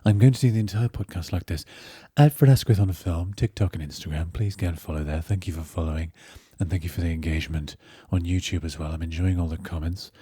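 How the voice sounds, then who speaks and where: A low, husky whisper of a male character drawls each word slowly and softly, as a man puts him on. The voice sits well below normal speaking pitch, close and dry with no room sound. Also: steady tone, no room sound. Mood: hushed.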